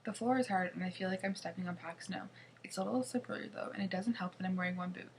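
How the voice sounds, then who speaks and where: A woman's voice: on the low side, fast talker, darkish tone, slight background noise. A woman reading a children's chapter book aloud in a chatty way, with small slips and restarts. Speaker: reader.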